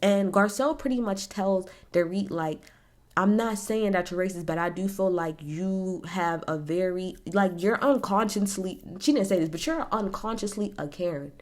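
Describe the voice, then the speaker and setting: Woman, casual opinionated recap, blunt, animated, swears freely. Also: mid-range voice, moderate pace. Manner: blunt, animated, swears freely, talks straight at the people she discusses. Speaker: reality TV recap host.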